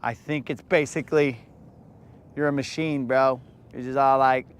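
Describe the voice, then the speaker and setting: A man hosting a fishing livestream, chatting casually with viewers in relaxed, slangy banter. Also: mid-range voice, normal speed, clear, resonant tone. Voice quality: laid-back slangy banter, calls viewers bro and dog. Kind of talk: casual live-stream chat with viewers.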